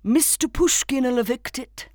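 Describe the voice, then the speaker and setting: A woman voicing a gentle man who owns a cat, speaking brightly and coaxingly. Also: sits high, measured pace, no room sound, clean studio sound, pitched above the performer's own voice.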